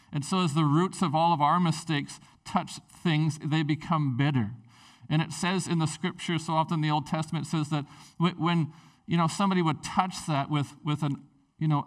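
A man preaching a sermon in a casual, animated way, with lots of fillers. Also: a little high, distant mic. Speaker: pastor.

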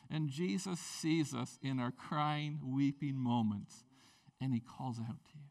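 Gravelly-voiced preacher, man. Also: fairly high pitch, a little slow. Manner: conversational preaching, acts out voices, swings from loud to hushed. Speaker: pastor. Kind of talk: sermon.

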